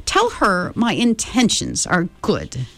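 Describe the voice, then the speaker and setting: A woman voicing an eccentric, cheerful old woman tramp with a creaky voice like an unoiled gate, drawn out and fond. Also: fairly low pitch, wildly swooping pitch, fairly bright tone, dry recording, faint music behind, heavily acted. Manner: fond, chattering, slow and drawn out.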